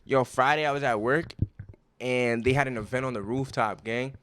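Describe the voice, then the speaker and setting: A man, co-hosting a podcast and telling profane, animated work stories full of slang. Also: mid-range voice, normal speed, slight background noise. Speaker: podcast co-host. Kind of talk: casual chat, storytelling.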